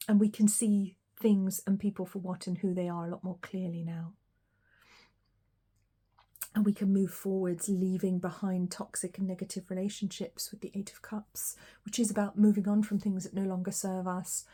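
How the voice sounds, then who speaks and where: Woman, tarot reader, warm mellow voice, reflective, unhurried, lots of ums and pauses. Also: mid-range voice. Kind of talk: collective tarot reading.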